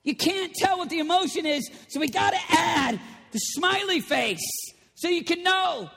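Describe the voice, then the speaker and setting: Preacher, male, very high and lively voice; animated, playful, breaks into shouts; big hall reverb. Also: moderate pace, creaky. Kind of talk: lively sermon. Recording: long reverb of a large hall.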